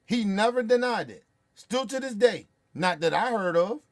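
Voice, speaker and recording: A man's voice: high voice, lively intonation, normal speed. A man ranting in profane, heated commentary, blunt and repetitive. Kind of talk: profane political rant.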